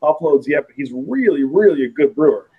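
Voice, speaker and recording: A man co-hosting a casual live stream, introducing guests in a hesitant way with many pauses. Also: on the high side, lively intonation, husky, narrow, tinny audio. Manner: hesitant, lots of fillers. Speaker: co-host.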